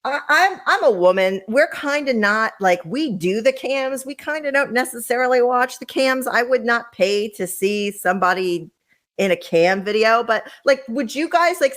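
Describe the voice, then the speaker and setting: A woman's voice: fairly high pitch, a bit bright. A woman hosting a podcast, chatting casually and sarcastically as she gossips about reality TV and talks to her live chat. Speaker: podcast host.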